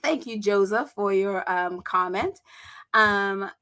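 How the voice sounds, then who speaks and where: Speaking slowly at a medium pitch, this American livestream host has a pushed, bright tone. Her casual stream is full of chatter, frequent laughs and fillers.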